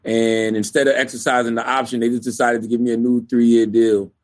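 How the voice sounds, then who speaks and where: A man from South Carolina, a radio host guesting on an interview, talking in a relaxed, chatty way. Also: mid-range voice, brisk. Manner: relaxed, chatty, many fillers like "you know". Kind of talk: candid interview conversation.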